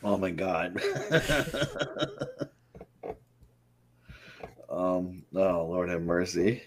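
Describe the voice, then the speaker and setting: A man's voice: low-pitched, huge pitch swings, extremely slow, background noise. A man chatting casually with friends on a podcast while playing a card game, laughing constantly and swearing. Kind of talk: casual chat among friends.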